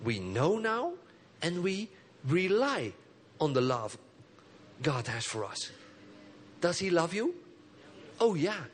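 Man pastor w a high voice preaching, gets the crowd to say stuff back, goes soft then loud. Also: sing-song, slow pace, slight background noise. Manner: engages the congregation with call and response; emphatic, swings between soft low phrases and high bursts. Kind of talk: sermon.

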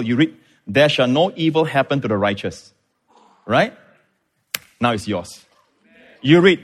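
A middle-aged pastor preaches with emphasis. He repeats words as he builds a point and calls on his congregation for amens. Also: medium pitch. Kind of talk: sermon.

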